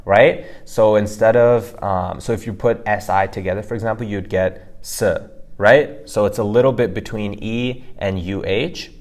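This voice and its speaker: A man's voice: fairly low pitch, steady tone, normal speed, few pauses, a little mellow. A man co-hosting a casual podcast lesson, explaining pronunciation and often checking in with "right?". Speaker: co-host teaching pronunciation.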